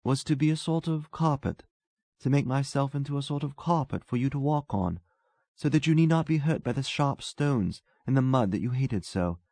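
A man's voice: medium pitch, moderate pace, darkish tone, no echo, pitched above the performer's own voice, lightly acted. A man reading a story aloud, voicing a talkative, self-absorbed young man who muses earnestly.

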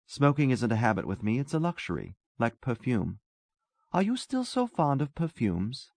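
A man reading a story voices a wistful English gentleman who talks earnestly and tenderly. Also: mid-range voice, sing-song, normal speed, gravelly, no room sound, pitched above the performer's own voice. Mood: light, musing.

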